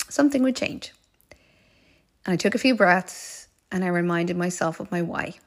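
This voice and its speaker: Creaky-voiced woman telling a personal story. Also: fairly low pitch, normal speed. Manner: earnest and heartfelt, often repeating phrases for emphasis. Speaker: life coach podcast host.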